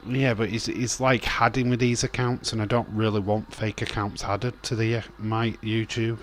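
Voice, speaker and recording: With slight background noise, a young man's fairly low voice delivers flat, normal-speed commentary. He's the streamer of a wrestling watch-along, casually rambling and chatting, swearing, laughing, and reading chat out loud.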